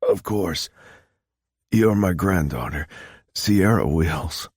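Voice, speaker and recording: A man with a very deep, husky voice playing a gruff, delirious old grandfather in an audiobook, weak and close to a whisper. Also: slow pace, a little mellow, no room sound, full character voice. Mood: feverish. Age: older. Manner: gruff, cursing, drifting. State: weak, near a hoarse whisper.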